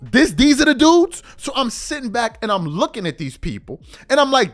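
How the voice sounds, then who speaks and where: An extremely high, fairly bright voice with big pitch swings carries this sports host's ranting monologue at normal speed. He mocks and fumes, mimicking those he quotes, while music plays faintly in the background.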